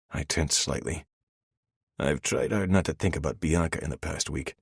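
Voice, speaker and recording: Brief: very deep, gravelly, husky male narrator, dry studio sound. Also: moderate pace, dry recording. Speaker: audiobook narrator. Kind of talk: first-person romance narration.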